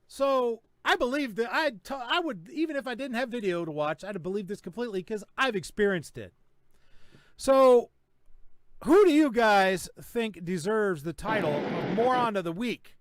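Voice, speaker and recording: Host type: middle-aged man, high voice, blunt and profane, chatty live-stream energy, dry close sound. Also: lively intonation, normal speed, no echo. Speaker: podcast host. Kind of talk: casual live-stream chat.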